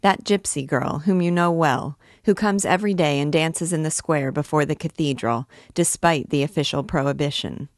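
A woman's voice: deep voice, moderate pace, hardly any pauses, dry recording, studio quality. A woman voicing a fawning, rambling male royal prosecutor who chatters on eagerly. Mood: chatty. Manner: obsequious, rambling.

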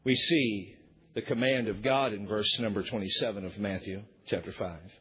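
A pastor preaching a sermon, emphatic, swinging between loud shouted points and low quiet asides. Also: male voice, normal speed, slightly rough, dull audio.

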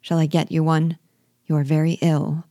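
A woman reading the lines of a concerned young gentleman from a classic novel, earnest and gentle, in a low, mellow voice. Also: level tone, moderate pace, dry recording, clean studio sound, natural voice.

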